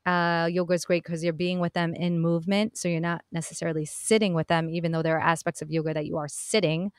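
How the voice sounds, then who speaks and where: Earnest low-voiced woman podcaster. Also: flat delivery, fast, smooth, no room sound, studio quality. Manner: earnest, encouraging, addresses listeners as guys. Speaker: podcast host. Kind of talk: motivational self-help talk.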